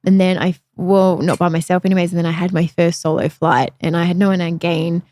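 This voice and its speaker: An Australian woman hosts a podcast, recounting her own story in a frank, chatty and self-deprecating manner. Her voice is fairly low, level and a little mellow, and she talks briskly; the studio-quality recording has no echo.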